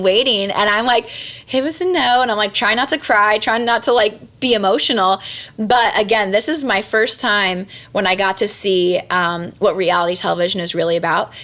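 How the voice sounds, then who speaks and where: A young woman in her twenties, a singer and guest, telling a long story in casual chat and acting out the quotes. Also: medium pitch. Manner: animated storyteller, acts out quotes.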